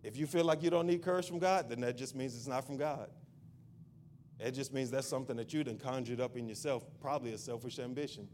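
A man's voice: mid-range voice, fast talker, darkish tone, a little hiss or hum. A male pastor preaching a sermon in a church. He repeats his point insistently and builds into a fervent prayer.

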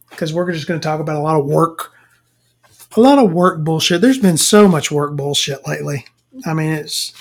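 A woman, telling blunt, profane work stories to camera in a casual rant. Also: low voice. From Southern United States. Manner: profane, blunt, laughing storyteller. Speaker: vlogger.

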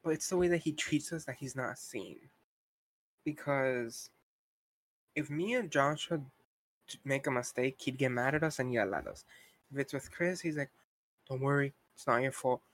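A man's voice: medium pitch, animated, moderate pace, pauses often. A young man co-hosting a podcast, talking in a casual, frustrated rant full of "like" and asides. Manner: frustrated ranting, heavy use of "like". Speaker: podcast co-host. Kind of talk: casual chat.

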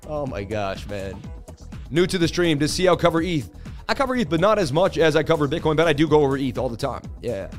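A man's voice: on the high side, fairly quick, faint music behind. Confident man hosting a live stream. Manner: animated, repetitive, confident. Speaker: crypto market analysis livestream host. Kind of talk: casual livestream chart commentary.

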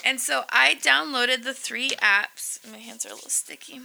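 A woman's voice: sits high, normal speed, creaky, bright, forceful tone, slight background noise. A young adult woman co-hosting a podcast, chatting casually and swearing now and then. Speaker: podcast co-host.

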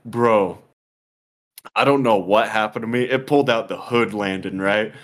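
A man's voice: fairly low pitch, moderate pace. A young man co-hosting a podcast, telling a story in casual, profane, rambling chat full of "like" and "dude". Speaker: podcast co-host.

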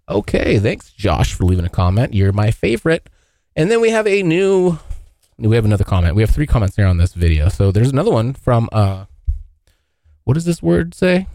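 A man hosting a casual solo podcast, joking and swearing, now and then yelping into high silly voices. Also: fairly quick, no room sound, studio quality. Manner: animated, swearing, jokey, yelps into high voices. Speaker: podcast host. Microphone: hot close mic.

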